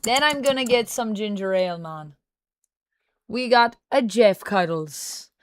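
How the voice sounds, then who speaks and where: A woman's voice: mid-range voice, a little slow, no echo. Chatty woman streamer in mock Jamaican-Irish accent. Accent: put-on Jamaican accent slipping into Irish. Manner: playful, chatty, reads out viewer messages. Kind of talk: casual livestream chat.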